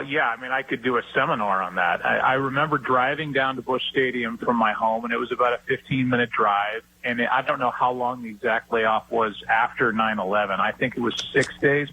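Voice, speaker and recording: A middle-aged man, a sports broadcaster, telling stories and giving his view in a relaxed talk-show interview. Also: medium pitch, a little hiss or hum, rough recording.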